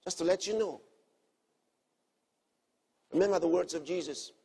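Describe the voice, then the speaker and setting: A male preacher earnestly instructs his listeners, repeating important phrases and moving from soft, quiet moments to emphatic declarations. He has a high, husky voice and a normal speed.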